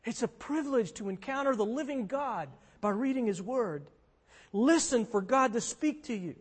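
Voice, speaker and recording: A man's voice: very high-pitched, animated, moderate pace, breathy edge. A man preaching as a pastor, earnest and conversational, driving points home with emphatic repetition. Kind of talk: sermon. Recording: long hall reverb.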